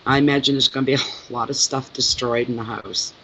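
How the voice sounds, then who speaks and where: A middle-aged man, a tarot reader and channel host, chatting casually with his viewers at home and telling animated stories. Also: mid-range voice, brisk, creaky, slight background noise, low-quality recording.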